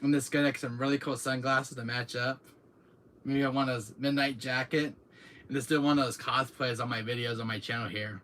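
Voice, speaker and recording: A man hosting his own channel, chatting casually to viewers in an excitable, rambling way, often laughing and repeating himself. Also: medium pitch, moderate pace, a little hiss or hum. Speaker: channel host. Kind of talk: casual vlog chat to viewers. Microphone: camera mic, seated in chair.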